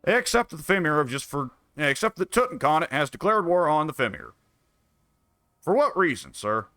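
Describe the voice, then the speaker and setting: Wry, bright-voiced man musing over a game. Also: a little high, very animated, moderate pace, no room sound, studio quality. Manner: musing, wry, mutters to himself. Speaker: gameplay commentator. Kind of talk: casual strategy game commentary.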